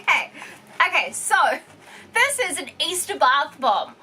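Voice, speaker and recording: A young woman, unboxing products in an excited, giggly vlog, exclaiming over each item. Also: high voice, a little slow, slight background noise. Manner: gushing, giggly, keeps exclaiming.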